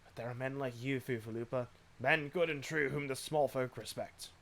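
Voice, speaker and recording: A man's voice: mid-range voice, moderate pace, creaky, a bit bright. Blunt veteran soldier, plain-spoken and fair, for a game read-along, as a man reads him. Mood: earnest.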